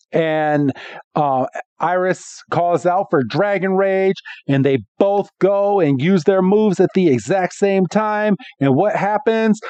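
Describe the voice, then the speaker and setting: A man co-hosting a podcast, narrating cartoon battles with animated storytelling and quick laughs. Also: a little high, clean tone, no echo, highs cut off. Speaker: podcast co-host. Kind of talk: casual episode recap chat.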